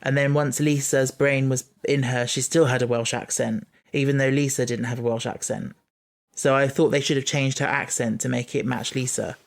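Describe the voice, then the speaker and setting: Steady man explaining on a podcast. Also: mid-range voice, moderate pace, creaky. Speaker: podcast co-host. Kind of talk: casual chat.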